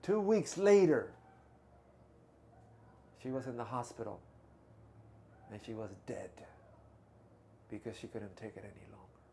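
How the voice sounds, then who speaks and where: A male pastor telling a story in a sermon, swinging from hushed to loud. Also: mid-range voice, very animated, measured pace, long pauses, slight background noise.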